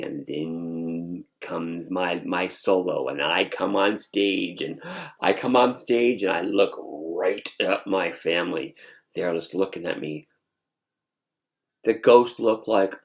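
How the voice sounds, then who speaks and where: A man's voice: low-pitched, vocal fry. A man telling a dream story in a dramatic, sassy way as a vlogger.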